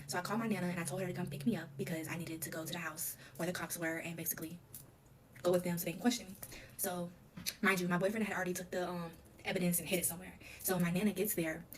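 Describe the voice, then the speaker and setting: A woman's voice: lowish voice, level tone. A woman recounting her own past in a casual storytime confession, talking emotionally with lots of "like". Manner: rapid, emotional retelling full of "like".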